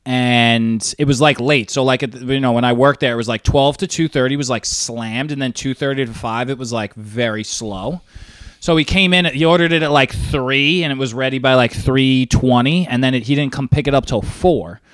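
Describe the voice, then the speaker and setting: A man's voice: medium pitch, moderate pace, no echo. Laid-back man in casual chat. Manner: relaxed, chatty, with swearing.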